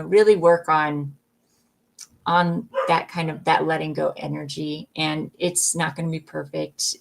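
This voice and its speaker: A woman co-hosting a live stream who gives encouraging spiritual advice in a halting way, with many fillers. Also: low-pitched, creaky, a bit bright. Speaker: co-host giving spiritual advice.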